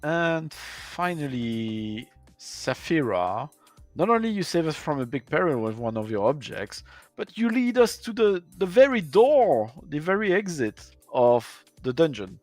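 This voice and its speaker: Lively man running a tabletop game. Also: fairly high pitch, measured pace, no room sound, faint music behind. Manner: animated, prompting players with questions. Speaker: game master.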